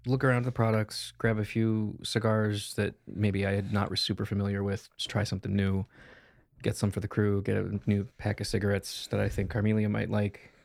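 Brief: low, gravelly, dry-sounding man, tabletop player, jokey. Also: monotone, a little fast, a little mellow, no echo. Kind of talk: tabletop role-play, in and out of character.

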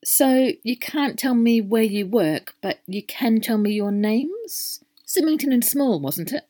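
A woman voicing a brisk, curious middle-aged spinster scientist who speaks crisply and to the point. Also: on the high side, lively intonation, warm tone, voice pushed up.

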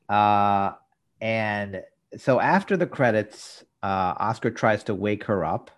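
Guy with a lowish voice walking thru a tv episode scene by scene, dry little asides. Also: slow pace. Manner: detailed plot retelling with dry asides. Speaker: podcast co-host. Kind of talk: casual episode recap.

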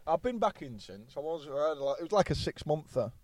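A man's voice: a little high, sing-song, brisk. A man, a podcast guest telling rambling anecdotes bluntly and swearing freely. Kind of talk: casual storytelling chat.

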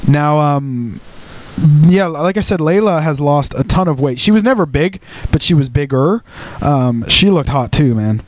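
A man chatting on a podcast in a loose, rambling way, tossing out crude jokes. His voice sits a little on the high side. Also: animated, a little slow. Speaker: podcast co-host. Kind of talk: casual wrestling recap chat.

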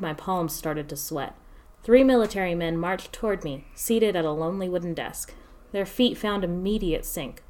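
A woman telling a first-person story in a steady, measured narration. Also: fairly low pitch.

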